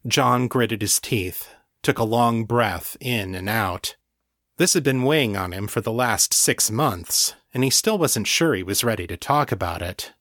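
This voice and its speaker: A man narrating a fantasy novel in a calm, measured way, close to the mic. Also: fairly low pitch, no echo. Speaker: audiobook narrator. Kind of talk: scripted narration.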